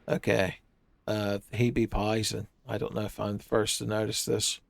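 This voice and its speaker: A gaming streamer rambles and jokes while playing a video game, calling viewers "son" and tossing in bits of silly wordplay. His voice is lowish and creaky, with a level tone at a moderate pace.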